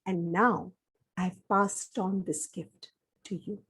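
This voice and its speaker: A woman telling a children's story live, animated and speaking straight to her young listeners with dramatic pauses. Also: fairly low pitch, husky.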